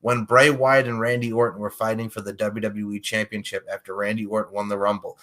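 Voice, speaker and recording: Brief: New York man, podcast co-host, animated, laughs often, long excited takes. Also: on the low side, a little fast. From Long Island, New York. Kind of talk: casual wrestling discussion.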